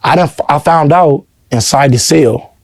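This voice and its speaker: A man's voice: fairly high pitch, moderate pace, dry recording. A man being interviewed, telling his life story in an earnest, heartfelt way and constantly adding "you know what I'm saying.". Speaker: interview guest. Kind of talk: casual personal storytelling.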